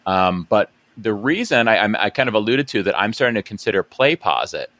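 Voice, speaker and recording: A man's voice: on the low side, big pitch swings, brisk, fairly bright tone, no echo. A man hosting an education podcast interview, chatting casually with plenty of fillers and restarts. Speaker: podcast host.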